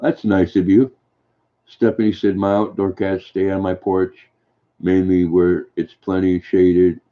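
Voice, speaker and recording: An older man hosting a livestream, reading viewer comments aloud and answering them in a gentle, folksy way. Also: sits low, little pitch movement, unhurried. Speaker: livestream host reading chat. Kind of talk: casual chat. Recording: dull lo-fi stream audio.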